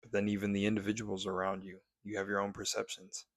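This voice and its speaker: A man's voice: lowish voice, completely flat delivery, fast, dry recording, studio quality. A young man talking casually and preachily to camera, swearing freely as he encourages his viewers. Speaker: spiritual vlogger. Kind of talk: casual motivational monologue.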